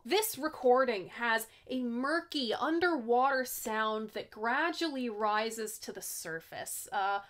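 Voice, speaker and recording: A woman hosting her own album review series, chatting casually and expressively with excited asides. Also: sits high.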